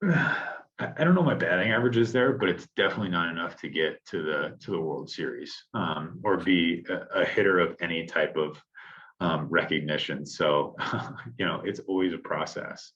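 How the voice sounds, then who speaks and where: A man talking reflectively in a casual podcast conversation, a father thinking out loud with restarts. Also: low voice, normal speed, lo-fi sound.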